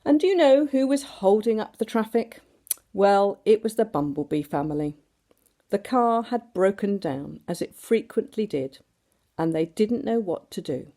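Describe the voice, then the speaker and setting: A woman reading a picture book aloud for children, with sound effects and questions to her listeners. Her tone is warm and mellow with a touch of vocal fry. The pitch swings widely as she tells the story. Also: animated, moderate pace.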